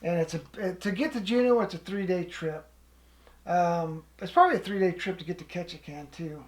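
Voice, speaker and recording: A woman's voice: on the low side, normal speed. Chatty woman telling a rambling story. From living in Alaska. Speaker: co-host. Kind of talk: casual storytelling chat.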